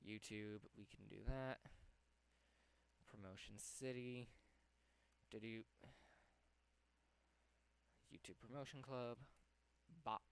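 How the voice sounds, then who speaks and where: A young man live-streams from home in casual chat, his medium-pitched voice smooth, unhurried, fairly even in intonation and touched with vocal fry. He's slightly out of breath, rambling with lots of ums and talking to himself as he works.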